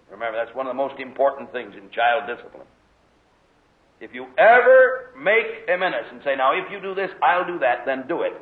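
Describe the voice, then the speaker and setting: Speaking a little fast in a medium-pitched voice, the man delivers a sermon full of animated stories, performing the voices of those he quotes. It's an echoey, phone-like lo-fi hall recording with the congregation audibly responding.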